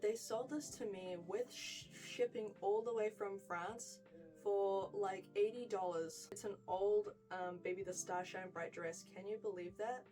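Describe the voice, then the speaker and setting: A woman's voice: mid-range voice, a little mellow, recorded from a distance, poor audio. Gushing young New Zealand woman vlogger. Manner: gushing, chatty, says "freaking" and "like" a lot. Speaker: fashion vlogger. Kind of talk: casual wardrobe tour.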